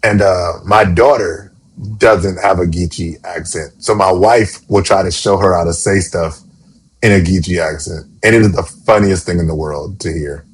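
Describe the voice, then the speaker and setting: A man's voice: sits low, moderate pace, slightly rough. A man from Charleston, co-hosting a podcast in casual chat and explaining his views earnestly. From Charleston, South Carolina. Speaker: podcast co-host.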